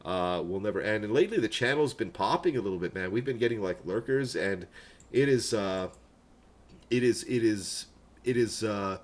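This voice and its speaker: A streamer in his thirties signs off his livestream with casual, heartfelt, rambling chat, repeating words and getting choked up. His lowish voice has lively intonation at a moderate pace, picked up by a desk microphone with guitar music behind him.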